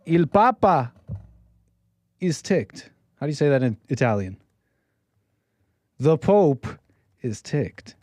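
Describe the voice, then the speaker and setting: A man hosting a call-in livestream show, rambling brashly and tossing out catchphrases in a slightly high voice. He is close to the mic in a dry room with no echo. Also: very animated, slow, pauses often, a little mellow. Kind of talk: casual livestream monologue.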